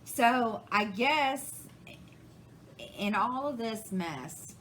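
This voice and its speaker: A woman's voice: on the high side, lively intonation, very slow, a bit bright, a little hiss or hum, rough recording. Rambling woman telling a story. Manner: rambling, retells conversations, many restarts. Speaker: crafting channel host. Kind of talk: casual storytelling to camera.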